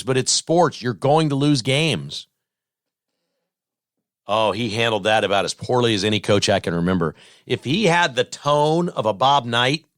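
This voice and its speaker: A man hosts a sports talk show and delivers blunt, scolding, sarcastic commentary. His voice sits at a middle pitch and sounds dry and close to the mic. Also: fairly bright tone, no echo.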